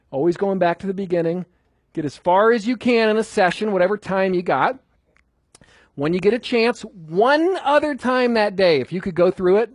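A man teaches a class on memorizing verses, talking casually and prompting the group with questions. His voice sits a bit high and sounds husky. The sound is dry and close, with little room echo. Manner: conversational, asks the audience questions, repeats for emphasis. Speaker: Bible teacher.

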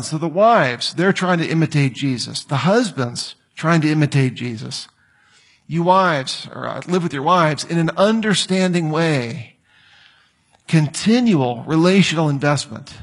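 Lively, joking male preacher. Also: fairly high pitch, slightly rough. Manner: lively, joking asides and quoted scripture. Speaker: pastor. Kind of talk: sermon.

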